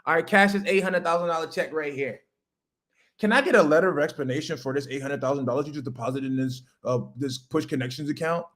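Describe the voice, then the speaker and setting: A man, hosting a livestream and delivering a loud, preachy motivational rant that jumps high when he hammers a point. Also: fast talker. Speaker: livestream host.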